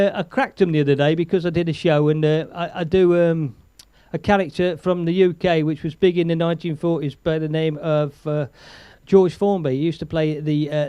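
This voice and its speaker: An older comedian hosting a live stream, chatting in a rambling way and telling jokes, with frequent chuckles and thanks to viewers. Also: male voice, fairly high pitch, warm tone, smooth, dry recording. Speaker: comedian host.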